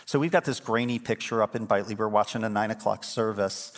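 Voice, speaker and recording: A man's voice: lowish voice, fast talker. A middle-aged man preaching a sermon as pastor, telling stories and building to emphatic, fervent points. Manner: storytelling, swings from quiet to emphatic.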